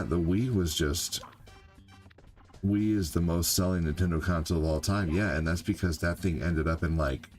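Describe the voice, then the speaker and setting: A man's voice: a bass voice, darkish tone. An older man chatting casually while streaming gameplay, rambling with lots of "you know" and "like," with game music faintly behind. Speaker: gaming streamer. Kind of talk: live gameplay stream chat.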